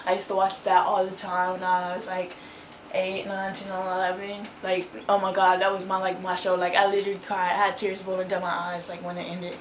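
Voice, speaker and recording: A woman vlogger speaks casually, wandering through her story with many "like"s and "um"s. Her delivery stays fairly flat at a mid pitch. The room adds a clear echo over faint background ambience. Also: a little fast, a little hiss or hum. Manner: rambling, filler-heavy with frequent "like" and "um".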